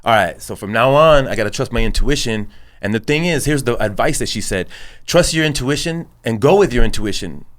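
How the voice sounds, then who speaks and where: A man's voice: medium pitch, animated, brisk. A man from El Paso, a barber and business owner, talking as a guest in a casual podcast chat. He tells his story earnestly, swears a lot and fills gaps with "you know what I mean". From El Paso, Texas. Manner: earnest, heavy swearing, many fillers.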